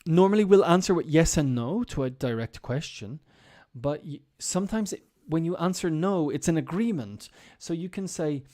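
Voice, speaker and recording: A man's voice: fairly high pitch, dark tone. A man teaching English in a casual live-streamed lesson, explaining step by step with frequent ums and restarts.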